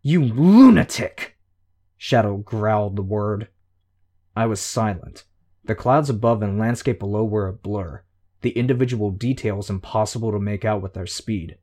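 A man's voice: on the low side, steady tone, moderate pace, a little mellow, lightly acted. A man voicing a bitter, hostile young female vigilante who growls clipped threats. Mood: furious.

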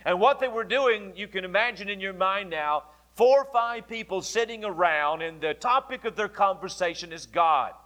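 A male pastor preaching a sermon, explaining scripture in a deliberate way and repeating key phrases. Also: sits high, expressive, a bit bright.

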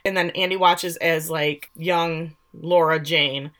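A woman's voice: low voice, slow. Chatty woman recapping a show. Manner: animated storytelling, quoting characters. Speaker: podcast co-host. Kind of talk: casual recap chat.

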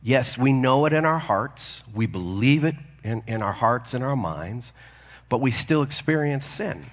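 A man of middle pitch preaches in an earnest, conversational way, turning to his congregation with rhetorical questions. His voice rings out with a long hall reverb behind it. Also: lively intonation, unhurried. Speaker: pastor. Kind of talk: sermon.

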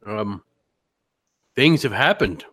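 A man co-hosting a podcast, chatting casually and telling anecdotes with animated voice impressions. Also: on the low side, takes it slowly, husky, dry recording, clean studio sound. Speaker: podcast co-host. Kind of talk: casual chat.

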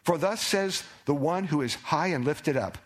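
A man's voice: on the high side, expressive, normal speed. A man preaching a Bible sermon in a conversational way, speaking God's words aloud with rising emphasis. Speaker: pastor.

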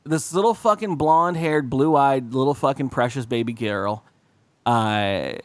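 A man's voice: medium pitch, unhurried, dry recording. A young man co-hosting a comedy podcast, telling crude, rambling stories full of swearing. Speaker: podcast co-host. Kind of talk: casual comedic chat.

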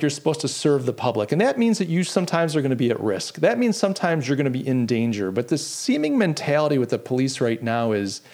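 A man hosting his own podcast, talking casually and reading out comments from a live chat. He tells stories with indignant energy and keeps restarting his sentences. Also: fairly high pitch. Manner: animated, indignant storytelling with lots of restarts. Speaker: podcast host.

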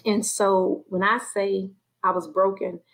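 Woman telling her faith story in an interview, very expressive, acts out what she thought and said, mid-pitched voice. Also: measured pace, creaky, rough recording. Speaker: guest sharing her story. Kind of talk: personal faith testimony in conversation.

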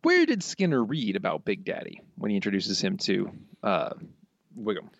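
A man's voice: on the low side, wildly swooping pitch, moderate pace, vocal fry, fairly bright tone, husky, no echo, muffled recording. A man co-hosting a podcast, casually reading listener quotes aloud and laughing often. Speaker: podcast co-host.

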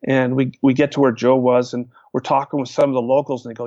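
A man with a gravelly, creaky voice telling casual stories at length, rambling and restarting as he goes. The recording is dry and close but dull and lo-fi. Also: mid-range voice, flat delivery, fast, few pauses, darkish tone, no echo. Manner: rambling, with many restarts and fillers. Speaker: guest pilot telling stories. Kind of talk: casual storytelling. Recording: dull, lo-fi sound.

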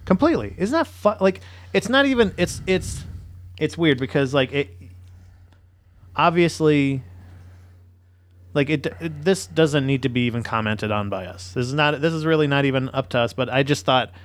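A man's voice: fairly high pitch, animated, normal speed. A man hosting a podcast in casual chat, rambling with restarts and swearing freely. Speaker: podcast host.

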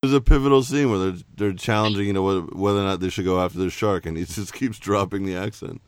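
A man's voice: deep voice, fast, slight background noise. A man hosting a casual movie podcast, teasing his co-host and joking, saying he is loaded. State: says he is intoxicated.

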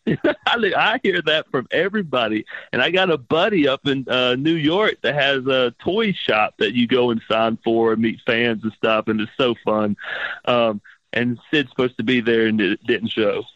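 Animated man telling wrestling stories. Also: normal speed, no room sound, lo-fi sound. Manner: animated, acts out quoted lines with big pitch jumps, swears freely. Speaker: guest, professional wrestler. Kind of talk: casual storytelling interview.

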